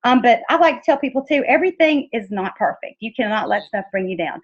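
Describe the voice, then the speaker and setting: A woman's voice: fairly high pitch, lively intonation, quick pace. A woman chatting casually and upbeat, acting out the people she quotes. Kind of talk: casual chat. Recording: dull lo-fi audio.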